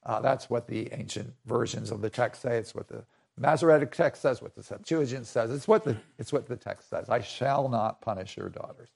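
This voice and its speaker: Guy preaching, gravelly low-ish voice, talks loose n conversational, repeats himself a lot. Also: brisk, darkish tone. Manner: conversational, restarts and repeats phrases. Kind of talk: sermon.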